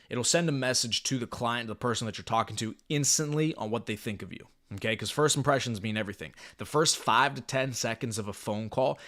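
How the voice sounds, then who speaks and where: A man's voice: mid-range voice, fairly bright tone. Brief: male sales trainer, intense and hyped, blunt and profane, coaching live.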